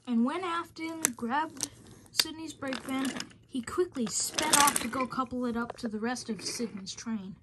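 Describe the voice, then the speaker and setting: A woman's voice: sits high, measured pace, heavy background noise. A young woman narrating a homemade toy-train story in plain, repetitive phrasing.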